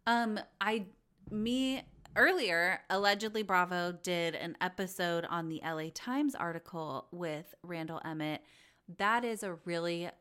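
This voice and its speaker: A woman with a lowish, clean, slightly bright voice hosts a podcast, talking a little slowly as she gossips casually about reality TV. She's chatty and blunt, swears freely, and acts out quotes.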